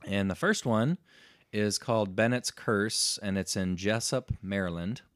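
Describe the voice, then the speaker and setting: A man's voice: fairly low pitch, a little slow, no echo, clean studio sound. A man hosting a casual podcast chat, reading haunted house listings aloud and joking about them. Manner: reads aloud, then jokes and laughs. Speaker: podcast host.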